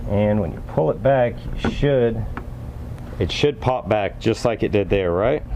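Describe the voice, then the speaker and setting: Easygoing low-voiced car vlogger guy. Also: animated, a little slow, warm tone, slight background noise. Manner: upbeat, folksy, talks straight to viewers. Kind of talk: casual how-to talk.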